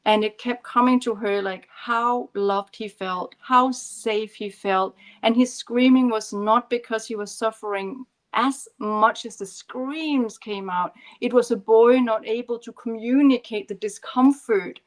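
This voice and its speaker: A woman guest on a podcast, a leadership coach, telling a personal story in an earnest, gentle way with some restarts. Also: a little high, fairly even intonation, measured pace, hardly any pauses. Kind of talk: storytelling in conversation.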